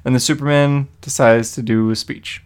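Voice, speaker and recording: A man's voice: medium pitch, steady tone, normal speed, clear, resonant tone. A man hosting a comic book podcast, recapping an issue in an enthusiastic, rambling way, close to his mic. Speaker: podcast host. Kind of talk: casual chat recapping a comic.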